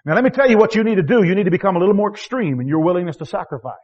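A man preaching a sermon in a folksy, self-deprecating way, with rhetorical questions, swinging from loud, high exhortation to quiet, low asides. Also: expressive, rapid-fire, dull audio.

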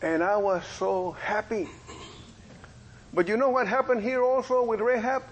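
Middle-aged guy preaching, high voice, folksy storyteller, bit of room hiss. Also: measured pace, rough recording. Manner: folksy storytelling with lively quoted dialogue. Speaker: preacher and police officer. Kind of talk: testimony sermon.

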